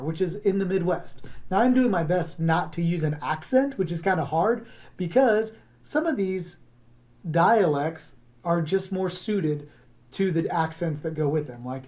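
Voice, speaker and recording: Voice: medium pitch, animated, a little mellow. Chatty drama teacher from the American South. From Southern United States. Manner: chatty, wandering into asides, drops into quick accent demos. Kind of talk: recorded online class lecture.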